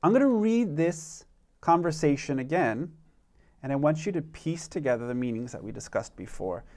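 A man teaching an online beginner language lesson, speaking slowly and patiently and modeling phrases for learners to repeat. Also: a little high, animated, darkish tone.

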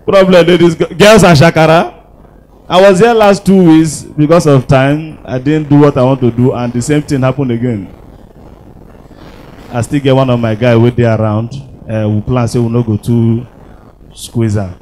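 A male stand-up comedian with a Nigerian Pidgin accent, telling jokes on stage and dropping from low asides into shrill mock voices. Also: steady tone, moderate pace, a little mellow, slight background noise, rough recording. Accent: Nigerian Pidgin English. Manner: switches between low mutter and shrill mock-female squeals. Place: stage with live audience.

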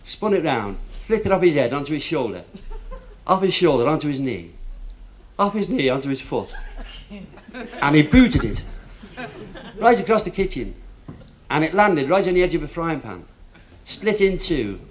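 A man telling quick jokes on stage to a live club audience. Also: on the high side, big pitch swings. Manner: brisk punchline-driven joke delivery. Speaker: stand-up comedian. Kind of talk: stand-up joke telling. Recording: archival live recording with crowd laughter and hiss.

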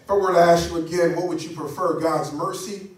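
High-voiced man preaching hard, big echoey church, mic sounds far off. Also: fairly even intonation, a little fast. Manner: fervent preaching with call-and-response from the congregation. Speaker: pastor. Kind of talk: sermon. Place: church sanctuary.

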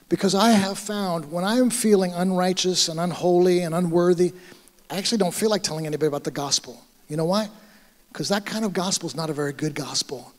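A man's voice: sits high, big-room sound. A man with an American accent, a pastor delivering a sermon and telling a story with acted-out dialogue. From United States. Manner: storytelling, acting out dialogue, animated. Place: church hall.

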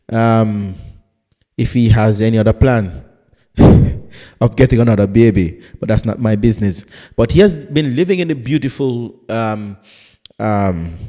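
Mellow-voiced male pastor hosting radio talk. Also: medium pitch, long reverb tail. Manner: chatty and teasing, rambling asides. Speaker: pastor and radio show host. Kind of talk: live radio talk show introduction.

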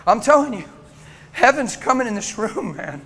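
High-voiced impassioned man preaching. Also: sing-song, normal speed, slight background noise. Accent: American. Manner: impassioned, swinging from loud urging to hushed. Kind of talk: sermon. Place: church sanctuary.

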